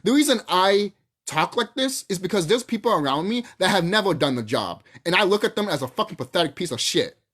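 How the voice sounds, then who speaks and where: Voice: mid-range voice, sing-song, brisk, fairly bright tone. Heated, profane ranting host. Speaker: channel host. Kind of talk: unscripted rant to camera.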